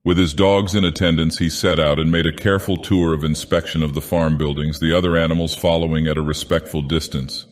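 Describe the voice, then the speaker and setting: A man narrating an audiobook in character as an ancient menacing god-villain, with a grave, deliberate delivery. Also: a bass voice, level tone. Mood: ominous. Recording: long hall reverb.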